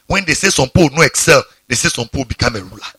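A pastor preaching a sermon, breaking into sudden high exclamations. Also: male voice, expressive, very fast, bright, forceful tone, breathy edge, no room sound.

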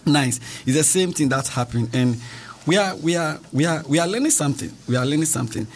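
A man's voice: a little high, animated, fairly quick, slight background noise. A man hosting a children's radio program, chatting with kids and reading and explaining scripture in a repetitive, teacherly way. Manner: chatty, teacherly, repeats words.

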